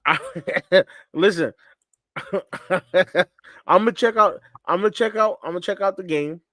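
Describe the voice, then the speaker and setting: A man's voice: high voice, a little slow, a bit bright, dry recording, clean studio sound. A man from Connecticut hosting a casual sports chat show, laid-back and repeating himself, laughing often. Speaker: podcast host. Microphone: studio mic on a livestream.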